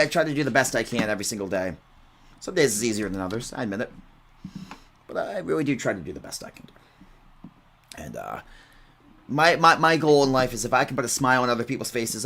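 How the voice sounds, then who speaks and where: A young man hosts an online game broadcast and rambles through casual halftime stories. His voice is bright and his pitch swings widely, and he often bursts into exaggerated outrage.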